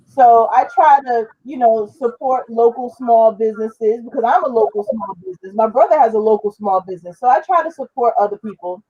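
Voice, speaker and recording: A woman's voice: fairly high pitch, moderate pace, hardly any pauses, warm tone, highs cut off. A woman talking on a panel show in casual conversation, trailing off and restarting now and then.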